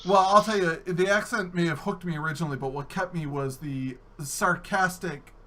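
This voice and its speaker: A man's voice: on the high side, normal speed, sharp tone, slight background noise. A man hosting a casual podcast interview, chatty and easygoing as he asks questions. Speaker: podcast host.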